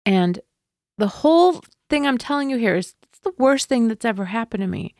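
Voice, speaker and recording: A woman's voice: a little high, animated, moderate pace, dry recording, studio quality. Woman telling a personal story. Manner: conversational, rambling with frequent fillers and asides; tender and emotional, voice softening.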